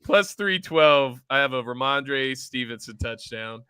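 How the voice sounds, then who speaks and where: A man co-hosting a casual sports betting chat, animated and quick to laugh. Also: mid-range voice, smooth, no room sound. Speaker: sports show co-host.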